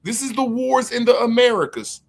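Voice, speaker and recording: A man hosting a livestream, reading from his screen and thinking out loud in loose, profane casual talk with frequent laughter. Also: very high voice, lively intonation, brisk. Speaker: livestream host.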